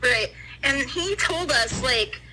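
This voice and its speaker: A woman's voice: high voice, expressive, slow pace, sharp tone, a little hiss or hum, rough recording. A woman in grief, speaking bluntly and from the heart as a guest on a casual podcast chat, with swearing. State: grieving. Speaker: guest on the line.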